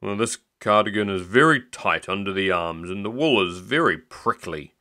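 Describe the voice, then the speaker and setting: A man reading aloud, voicing an easygoing, stubborn old grandfather who speaks slowly and mildly. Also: on the low side, animated, fairly bright tone. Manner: slow, mild, stubborn.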